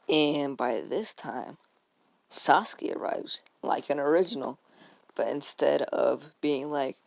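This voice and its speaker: A man's voice: mid-range voice, a little slow, vocal fry, long pauses. A man casually retelling a fan-made story, rambling along with lots of fillers, restarts and swearing.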